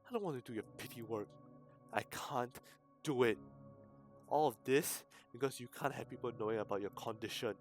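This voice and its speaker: A man's voice: medium pitch, normal speed, faint music behind, lightly acted. A man voicing a distraught young woman.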